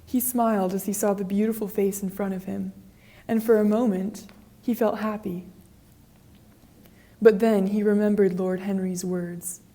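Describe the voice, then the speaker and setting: A woman reading a graded reader audiobook with slow, careful narration. Her voice is mellow and soft, with an airy, breathy edge. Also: medium pitch, level tone. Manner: slow, clear, measured.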